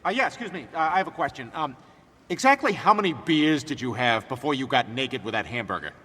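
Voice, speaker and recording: A man playing a brash, rude fan heckler with a husky voice in a comedy sketch. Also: mid-range voice, lively intonation, brisk, fairly bright tone, in a large hall. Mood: snide. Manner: mocking, defiant.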